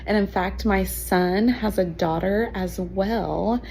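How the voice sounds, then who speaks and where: A woman's voice: mid-range voice, takes it slowly, gravelly, mellow, slight background noise. A woman in her fifties, a teacher, telling her own adoption story in an emotional, chatty way with fillers and laughs. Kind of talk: personal storytelling.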